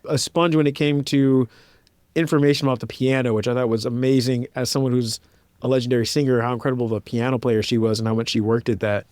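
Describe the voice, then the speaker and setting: Quick-paced and steady, a medium-pitched voice with a darkish, smooth tone belongs to a composer and pianist in his thirties. Being interviewed, he tells stories casually and reflectively, saying "like" often and acting out quoted voices. There's no room sound.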